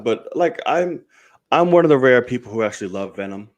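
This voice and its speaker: A man hosting a live movie podcast, chatting casually and cursing freely with animated asides. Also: mid-range voice, fairly quick. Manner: loose and swearing, animated asides. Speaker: podcast host.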